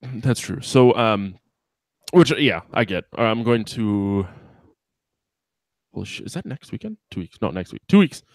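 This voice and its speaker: A man's voice: fairly low pitch, a little slow, pauses often, dry recording, clean studio sound. A man with a Wisconsin accent, a podcast host telling rambling, profane stories in casual chat.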